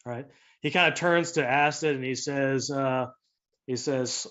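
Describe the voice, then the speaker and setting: A man's voice: mid-range voice, steady tone, normal speed, fairly bright tone, dull audio. A man narrating as game master in a tabletop game, loose and full of fillers.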